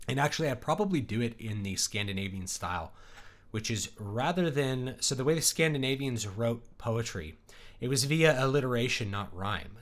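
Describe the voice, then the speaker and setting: A man's voice: on the low side, fairly bright tone. A man hosting a casual livestream, talking in a rambling conversational way with many fillers and restarts, reading viewer messages. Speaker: livestream host.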